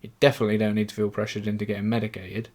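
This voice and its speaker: Rambling English bloke swearing casually. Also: male voice, lowish voice, completely flat delivery, racing, a little mellow. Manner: swearing, rambling, self-mocking. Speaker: podcaster. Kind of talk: casual monologue.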